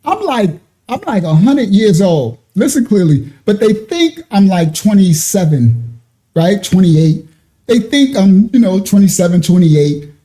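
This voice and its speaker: A middle-aged man, telling a story in animated, slangy casual talk with laughing asides. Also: high voice, a little slow. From New York.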